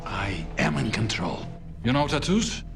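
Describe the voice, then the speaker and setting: A crime boss in a TV drama, courteous on the surface and cold underneath. His pitch moves a lot. A music score runs beneath him. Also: very animated, a little slow, full character voice. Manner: smooth, polite and quietly threatening. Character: calm menacing Russian mob boss, middle-aged man.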